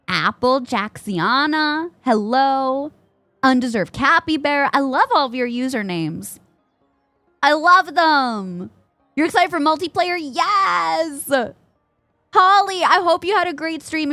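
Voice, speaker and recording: A woman's voice: sits high, fairly bright tone, no room sound. A young woman streaming a game live, chatting away to the game's characters and greeting her viewers. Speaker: Twitch streamer. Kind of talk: live gameplay chat.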